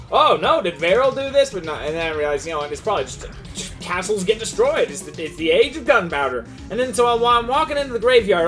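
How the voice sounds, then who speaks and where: A man's voice: high-pitched, fairly bright tone. A man hosting a gaming channel, giving an unscripted, goofy recap of a game's story mode with frequent restarts.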